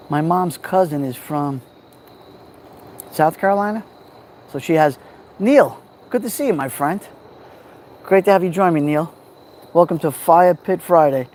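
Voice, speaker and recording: A man with a New York accent hosting a relaxed livestream from a backyard fire pit at night, greeting viewers by name on a phone. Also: a little high, a little hiss or hum. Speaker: livestream host. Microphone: phone held near the fire.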